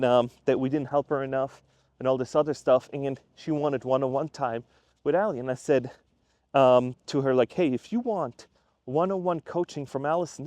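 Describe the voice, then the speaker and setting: A man's voice: fairly high pitch, darkish tone, no room sound. A man working as a career coach, talking bluntly and casually to the camera and acting out what people say to him. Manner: blunt, plain-spoken, acts out quoted people; frequent fillers and restarts, conversational. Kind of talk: casual direct-to-camera monologue.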